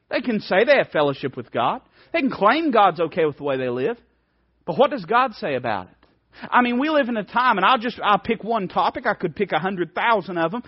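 A male preacher delivering a fervent sermon, swinging between loud emphasis and hushed, soft passages. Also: sits high, highs cut off.

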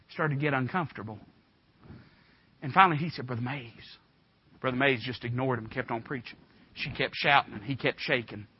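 High-voiced fervent preacher. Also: male voice, dull audio. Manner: folksy storytelling, builds to loud fervent preaching. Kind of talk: sermon.

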